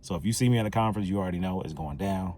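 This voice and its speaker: A man hosting a solo podcast, telling a personal story in a casual, conversational, animated way. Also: low voice, racing, slight background noise. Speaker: podcast host.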